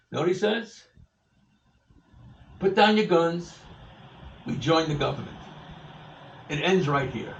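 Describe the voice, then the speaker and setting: Older man, storytelling speech, animated, acts out quotes, fairly high voice, distant mic, echoey room. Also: slight background noise. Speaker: event speaker. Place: event hall. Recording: echoey room, far from the mic, dull sound, faint ambience.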